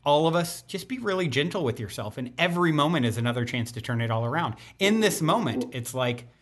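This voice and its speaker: A man's voice: fairly high pitch, expressive, a little fast. Rambling male podcast host. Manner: rambling, many restarts and fillers. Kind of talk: conversational podcast interview.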